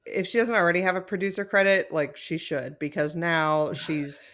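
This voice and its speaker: A woman's voice: lowish voice, normal speed. A woman co-hosting a podcast, chatting casually and giggling as she recaps a reality show, with plenty of "like" in her talk. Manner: giggly, animated, lots of "like" fillers. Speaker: podcast co-host.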